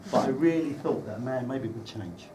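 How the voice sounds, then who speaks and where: A man delivers a joking wedding speech about the groom, lively in pitch and dry in his timing. He is picked up from a distance at the reception, with loud room noise behind him. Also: moderate pace. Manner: dry, teasing storytelling with comic timing.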